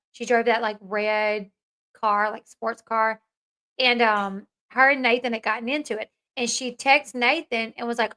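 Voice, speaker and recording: A woman's voice: fairly high pitch, sharp tone. A woman hosting a casual commentary talk, chatty and opinionated, reading out viewer comments as she goes. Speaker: host.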